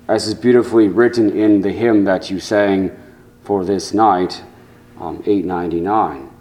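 A man preaching a sermon to his congregation, slow and measured, with deliberate pauses. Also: lowish voice, mellow, low-quality recording. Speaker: pastor.

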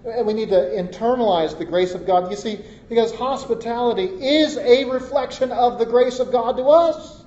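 Warm-voiced pastor preaching in an echoey church. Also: male voice, very high voice, normal speed, hardly any pauses. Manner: conversational, repeats words, wry humor. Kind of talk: sermon. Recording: echoey, dull, faint hiss.

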